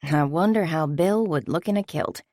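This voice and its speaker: Woman reading teasing female shopper, sly, low voice, dry close sound. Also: moderate pace, darkish tone, no room sound. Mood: musing. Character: saucy adult woman customer, playful.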